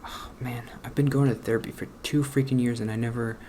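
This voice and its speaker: A man in his late twenties talking softly and haltingly over a video game, trailing off and questioning himself. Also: mid-range voice, fairly even intonation, a little hiss or hum. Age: late 20s. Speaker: gaming channel host. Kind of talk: casual let's-play commentary with personal talk.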